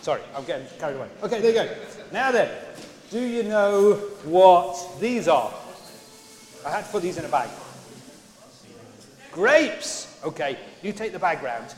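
A man with a high voice and big pitch swings speaks at a measured pace, leaving long pauses, as he coaxes children through a playful talk with props. The large church hall gives the recording a long, echoey reverb.

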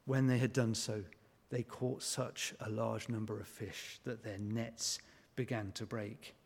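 A man preaching a sermon in a conversational way, asking rhetorical questions and pausing on fillers. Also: on the low side, flat delivery, gravelly, slightly rough. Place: church. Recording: long church reverb.

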